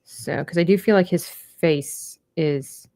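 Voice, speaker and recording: Slow and mellow with a lowish voice, this livestreaming artist chats casually while painting, wandering between thoughts and letting some trail off. The studio-quality audio has no echo.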